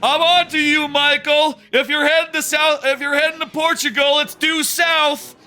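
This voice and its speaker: A man doing a shrill, frantic yelling guy. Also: flat delivery, moderate pace, full character voice. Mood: triumphant yelling. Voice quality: shrill high yell. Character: frantic grown man yelling, sure of himself.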